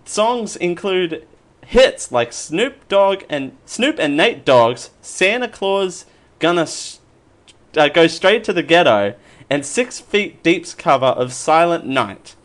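A man hosting a casual podcast and reading quiz questions, playful and quick to laugh. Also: on the high side, big pitch swings. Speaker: quiz host.

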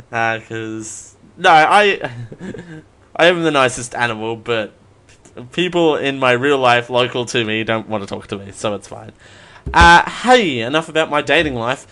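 Slow, rambling male live-show host. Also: mid-range voice, animated, bright, forceful tone. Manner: rambling, self-mocking, laughs often. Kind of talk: live stream Q&A.

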